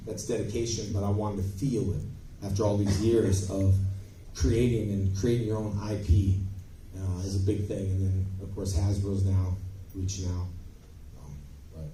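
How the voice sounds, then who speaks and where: A man with a dark, mellow voice tells stories with emphatic bursts of energy on a convention panel. He sounds fairly low and distant. The recording is a phone clip from the crowd in an echoey hall. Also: moderate pace, slight background noise. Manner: animated, emphatic storytelling with bursts of volume. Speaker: panel guest, actor. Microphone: phone recording from the audience.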